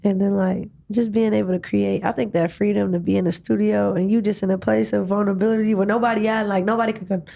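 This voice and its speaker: A young woman telling stories in a relaxed interview, slangy and animated, often asking "you know what I'm saying". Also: mid-range voice, quick pace, gravelly, hardly any pauses. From United States. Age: young adult. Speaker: guest, college athlete and rapper. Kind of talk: casual interview chat.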